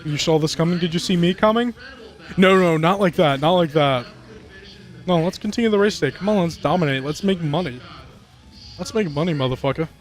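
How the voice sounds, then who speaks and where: A man's voice: a little high, a little fast. Profane, rambling man ranting over a racing game. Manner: profane, rambling, animated rants. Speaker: gaming commentator. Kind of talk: gameplay commentary, ranting. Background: game music and car engines.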